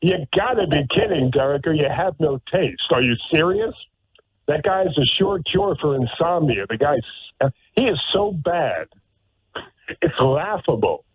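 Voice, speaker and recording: A man's voice: a little high, lively intonation, unhurried, breathy edge, no room sound. A man hosting a talk radio show, talking in a sarcastic, emphatic way and often repeating words. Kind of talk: opinionated talk radio monologue. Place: radio studio. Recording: tinny narrow-band radio audio.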